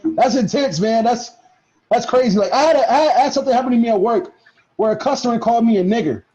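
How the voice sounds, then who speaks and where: Brief: young man, high voice, animated storyteller who swears a lot, dull lo-fi audio. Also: fast talker. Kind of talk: casual chat. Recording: dull lo-fi recording.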